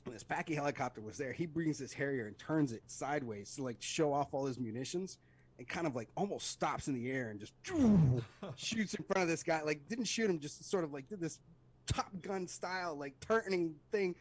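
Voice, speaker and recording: In a casual podcast interview, the middle-aged Army veteran animatedly tells stories and mimics voices and sounds. His voice is a little high and his speed normal.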